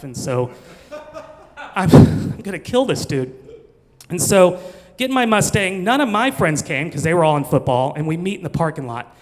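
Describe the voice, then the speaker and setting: A man's voice: a little high, sing-song, moderate pace, pauses often. Self-mocking storyteller man in a reverberant hall. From Missouri, USA. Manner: chatty, self-mocking, laughs through his story. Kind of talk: live comedic storytelling.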